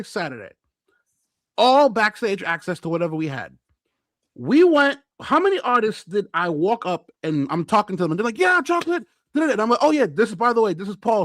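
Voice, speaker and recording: Brash New man, high and bouncy, boasting through a story on a podcast. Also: fairly quick, no echo. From Brooklyn, New York. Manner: animated, boastful storytelling with acted-out quotes. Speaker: podcast co-host. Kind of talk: casual chat.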